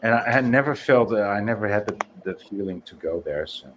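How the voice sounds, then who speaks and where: A man's voice: on the low side, lively intonation, brisk, noisy background. A man chatting casually, swearing and stacking filler words. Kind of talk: casual chat.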